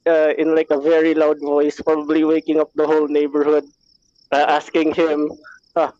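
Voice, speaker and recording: A man's voice: on the high side, monotone, normal speed, darkish tone, dull audio. A man playing in a tabletop game, dramatic, stammering and laughing. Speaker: player.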